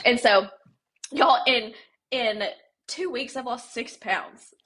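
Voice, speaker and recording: A woman co-host spins a story with chatty animation and a high voice, often turning to her listeners with a y'all. Her tone is bright and sharp. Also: slow pace. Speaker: podcast co-host. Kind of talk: casual storytelling chat.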